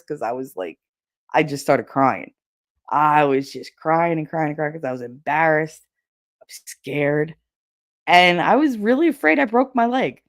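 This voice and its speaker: A middle-aged woman telling a story on her livestream, animated, laughing often and swearing freely. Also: low-pitched, a little slow, no room sound, clean studio sound. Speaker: streamer.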